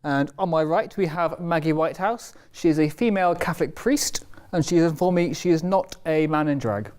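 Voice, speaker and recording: A man's voice: on the high side, brisk, a little mellow, clean tone. A man captaining a team on a comedy game show, flustered and laughing through his introductions. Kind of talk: casual banter on a comedy show.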